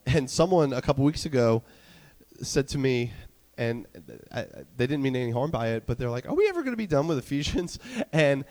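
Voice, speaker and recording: A man from New York preaching a casual sermon as a church's student director, talking fast with many fillers while a bit stuffy from a cold. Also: medium pitch, darkish tone, long reverb tail. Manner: quick-talking, chatty, many fillers and restarts. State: stuffy, getting over a cold. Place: church sanctuary.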